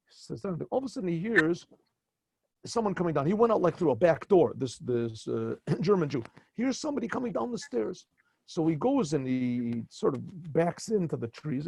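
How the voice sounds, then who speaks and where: Animated, husky-voiced rabbi telling a story. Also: male voice, fairly high pitch, no room sound. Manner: animated, acts out the characters. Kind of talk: storytelling talk.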